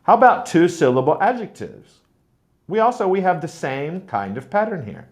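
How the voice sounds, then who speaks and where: The teacher trainer here talks at normal speed in a voice on the high side, his pitch swinging widely. His pronunciation lesson clearly demonstrates stressed and unstressed syllables, with mm-mm sounds and exaggerated stress on sample words.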